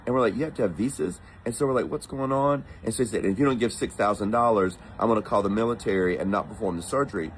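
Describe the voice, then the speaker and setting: A man from the United States telling a personal story in a casual, animated way, acting out the voices of the people in it. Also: lowish voice, quick pace, few pauses, a little hiss or hum, low-quality recording. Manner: animated, acts out quoted voices.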